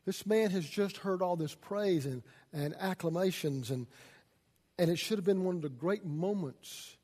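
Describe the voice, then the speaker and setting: A man preaching a sermon as a pastor, folksy and swinging from loud emphasis to hushed asides. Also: high-pitched, moderate pace.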